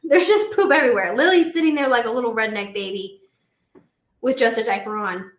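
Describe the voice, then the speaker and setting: A woman in her twenties telling a story in a casual chat, animated and full of "like"s and laughs. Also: fairly high pitch, brisk, echoey room. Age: 20s. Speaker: guest, host's daughter.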